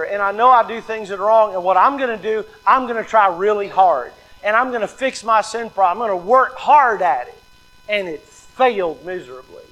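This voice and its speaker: A man with a notably high voice delivers a sermon from the pulpit. He drives his points home by repeating them and briefly acts out the excuses he describes. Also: fairly bright tone, poor audio. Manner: emphatic, repeats key lines, acts out quoted excuses. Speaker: pastor.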